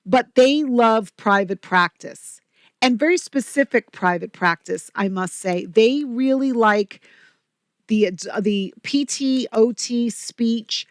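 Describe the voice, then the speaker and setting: A woman guest on a podcast, telling stories in an energetic, chatty way with quick asides. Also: a little high, no echo, clean studio sound. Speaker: podcast guest, company president. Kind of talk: casual interview talk.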